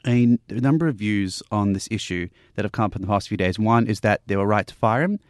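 A man hosting a radio panel discussion talks at a brisk clip. He sets out several views in a measured, opinionated way. The sound is dry and close. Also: lowish voice, no room sound.

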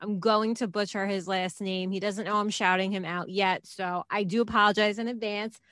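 A woman's voice: medium pitch, fairly even intonation, moderate pace, a bit bright, dry recording, studio quality. A woman co-hosting a sports podcast, cheerful and giggly in casual chat. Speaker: podcast co-host.

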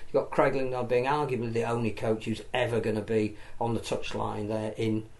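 A man's voice: mid-range voice, flat delivery, brisk, vocal fry, a little mellow. Rambling man talking sport. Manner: rambling, many restarts and repeated words. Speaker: podcast co-host. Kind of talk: casual sports discussion.

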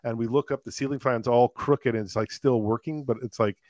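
A man, a paramedic, telling a long call story in a casual, animated way, with many fillers. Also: mid-range voice, brisk, dry recording. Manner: animated, laughing anecdotes with filler words. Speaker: paramedic guest.

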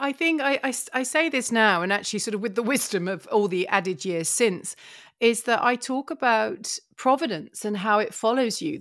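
A middle-aged woman from England, a podcast guest telling her career story in a lively, earnest way with many restarts. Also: fairly high pitch, no echo, studio quality. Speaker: guest, broadcaster and child therapist. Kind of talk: personal storytelling in a podcast conversation.

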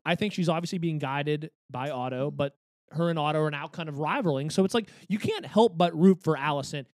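A man co-hosting a podcast, talking in an animated, rambling way with lots of fillers. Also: a little high, brisk, no echo, studio quality. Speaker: podcast co-host. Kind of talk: casual chat.

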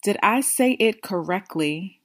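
A woman teaching phrases in a slow, careful lesson, repeating each one and then translating it, sometimes dropping to a soft whisper. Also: mid-range voice, animated. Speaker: language teacher.

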